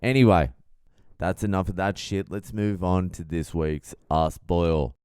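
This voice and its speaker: A blunt, profane comedian tells stories in a casual podcast monologue. His voice is low, clean and smooth, recorded close and dry. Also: moderate pace, darkish tone, dry recording.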